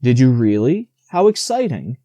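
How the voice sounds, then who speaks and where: A man reading aloud, voicing an eager, kind young boy who gets excited easily. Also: medium pitch, dry recording, close to an everyday voice. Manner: excited, quick to act.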